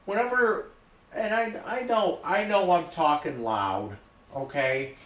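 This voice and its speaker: Man vlogger, loud and emphatic, drawn-out delivery, roomy echo. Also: high-pitched. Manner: loud, repetitive, emphatic, keeps saying okay. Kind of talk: ranting monologue to camera.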